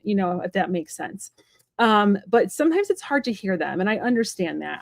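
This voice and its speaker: A woman's voice: medium pitch, a little mellow, dry recording, studio quality. A woman in her thirties from Kansas, hosting a casual tarot livestream, chatty and rambling with lots of fillers and asides.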